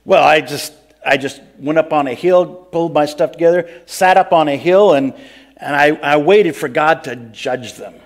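A man's voice: fairly high pitch, moderate pace, lightly acted. A man playing a whiny, resentful old prophet. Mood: storytelling. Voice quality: earnest, plain-spoken, breaks into pleading outbursts. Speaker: interviewee in character. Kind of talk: first-person biblical role-play interview.

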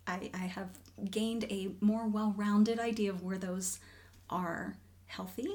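A woman in her forties, a guest telling her own story in conversation. She speaks candidly and earnestly, often dropping to a hushed near-whisper to stress a point. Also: mid-range voice, steady tone, slow pace.

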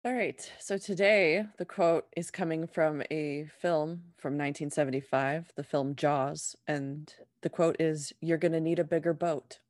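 A woman's voice: sits low, steady tone, unhurried, few pauses, darkish tone, no room sound, clean studio sound. A woman reading out quotes and joining a casual podcast chat, wry and laughing.

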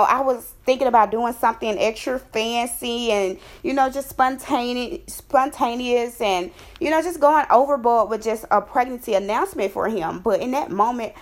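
A woman's voice: on the high side, a bit bright. A young woman vlogging, telling a personal story in a chatty, heartfelt way, speaking to viewers as y'all and talking openly about her faith. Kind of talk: casual storytelling.

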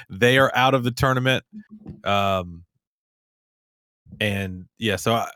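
A man's voice: fairly low pitch, takes it slowly, pushed and bright, no echo, clean studio sound. A man hosting a podcast, chatting casually, rambling and laughing easily. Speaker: podcast host. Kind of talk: casual chat.

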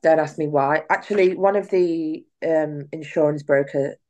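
A low-pitched woman talks as a podcast guest. She retells events in a chatty, animated way, slipping into quoted back-and-forth dialogue. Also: moderate pace. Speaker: guest, clinic owner and cosmetic nurse. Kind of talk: casual storytelling in a podcast interview.

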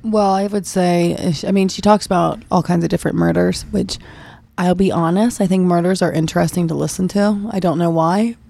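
A young woman co-hosting a casual podcast who speaks quietly and giggles easily. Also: fairly low pitch, steady tone, fairly quick, creaky. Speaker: podcast co-host.

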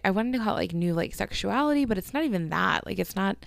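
A woman's voice: mid-range voice, animated, fast, vocal fry, no room sound, clean studio sound. A young woman hosting a solo podcast in casual chat, gushing to her listeners with lots of "like" and "um", yawning now and then. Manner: chatty, filler-heavy, 'like' and 'um' everywhere; yawns between phrases. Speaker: podcast host.

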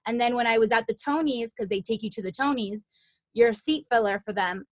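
A woman's voice: a little high, brisk, no room sound. A young woman talking in a reflective, earnest and chatty way in a casual conversation. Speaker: conversation partner. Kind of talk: casual chat.

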